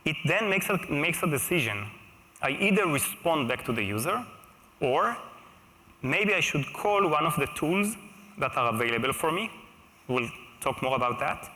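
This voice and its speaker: Bright-voiced man giving a conference keynote. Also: on the high side. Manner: conversational, checks in with the audience. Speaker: keynote speaker. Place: stage at a large live conference. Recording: echoey large hall.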